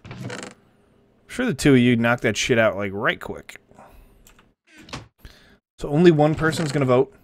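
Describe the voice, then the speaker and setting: A man talks to his live chat in an average-pitched voice. He is sarcastic and swears freely, and now and then he slips into a mock sermon. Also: animated, unhurried, long pauses, slight background noise. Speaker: live streamer. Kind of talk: casual stream commentary.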